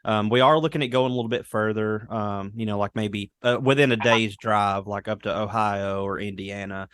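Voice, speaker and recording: Laid-back southern guy from alabama, lowish voice, rambles a bit, dry close sound. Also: steady tone, moderate pace, a bit bright, clear, resonant tone, no room sound. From North Alabama, US. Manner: easygoing, rambling with fillers. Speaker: band guitarist, guest. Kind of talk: casual podcast interview.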